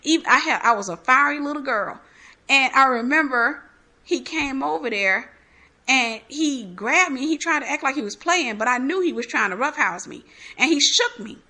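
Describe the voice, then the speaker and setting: A woman's voice: sits high, expressive, normal speed, bright, forceful tone. A woman giving a candid personal testimony, telling her story animatedly and acting out the dialogue. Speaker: ministry host giving testimony.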